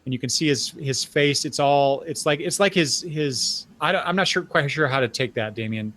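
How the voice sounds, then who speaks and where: A man's voice: mid-range voice, normal speed, a bit bright. An older man hosting a podcast, recapping comic book scenes in a casual chat with frequent restarts and fillers. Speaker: podcast host.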